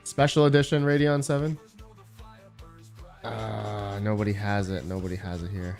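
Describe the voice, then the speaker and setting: A man's voice: on the low side, steady tone, normal speed, vocal fry, a little mellow, faint music behind. A man hosting a casual live stream, rambling as he thinks aloud and answers his chat.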